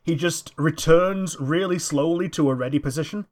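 A man chatting casually while watching a film, laughing often and chiming in with quick agreement. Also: on the high side, a crowd in the background. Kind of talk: casual chat reacting to a film.

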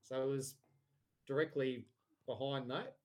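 A man's voice: mid-range voice, fairly even intonation, unhurried. A man co-hosting a podcast, giving opinionated, blunt takes on sport in casual banter. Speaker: podcast co-host. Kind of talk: casual chat.

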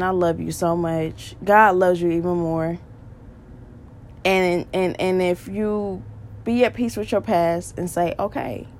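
A woman's voice: fairly low pitch, slight background noise. Earnest woman preaching her testimony. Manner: earnest and repetitive, with quick bursts of emphasis and laughs. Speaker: podcast host. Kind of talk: faith testimony talk, preaching.

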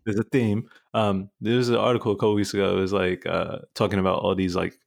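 A man's voice: on the low side, level tone, quick pace, creaky, slight background noise. A man co-hosting a podcast in casual chat, cursing freely and getting riled up with laughing asides. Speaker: podcast co-host.

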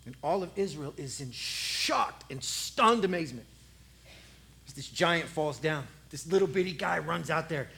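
A preacher telling a Bible story in an animated, conversational, jokey way. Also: medium pitch, a little slow, creaky. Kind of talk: comic sermon storytelling.

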